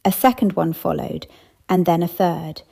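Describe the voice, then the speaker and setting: A woman reads a cozy mystery audiobook in an even, measured way. Her voice sits low and dark, with a gravelly texture, and the delivery is calm and steady throughout. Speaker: audiobook narrator. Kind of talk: scripted narration.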